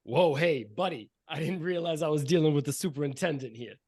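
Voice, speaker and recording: A man's voice: fairly high pitch, a little fast, darkish tone, dry recording, clean studio sound. A man voicing a streetwise male tooth fairy who haggles like a mobster. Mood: haggling. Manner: gruff mob-style haggling.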